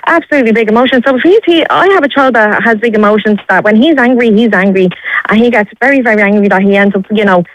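A woman's voice: fairly high pitch, fast talker, dry recording, lo-fi sound. Tearful Irish woman calling in. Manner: emotional, pleading, crying at times. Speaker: radio caller. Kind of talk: phone-in radio call.

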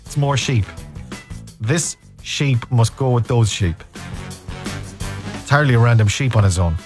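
A man in his thirties with an Irish accent, hosting a radio show and telling animated stories with frequent laughs. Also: mid-range voice, measured pace, music in the background. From Ireland. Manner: animated storyteller, laughs often. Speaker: radio host. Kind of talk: casual radio chat.

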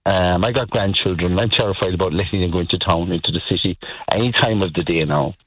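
A man's voice: sits low, fast talker, husky, no echo. A middle-aged Irish man calling a radio show, telling stories in an earnest, rambling way and repeating himself. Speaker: caller. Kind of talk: radio phone-in chat. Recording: tinny phone line on radio.

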